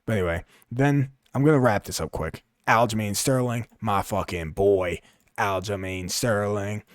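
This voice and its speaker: A man's voice: fairly low pitch, moderate pace, dry recording, clean studio sound. A young man giving blunt, profane, offhand commentary on his fighter rankings, thinking aloud as he types. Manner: profane, blunt and offhand, musing aloud while typing searches. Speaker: MMA commentary YouTuber.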